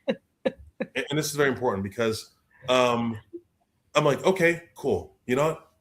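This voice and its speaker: A young adult man, a guest author telling stories in a lively way, acting out the people he quotes. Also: medium pitch, measured pace. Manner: expressive, acts out quoted voices, repeats words. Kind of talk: animated storytelling in conversation.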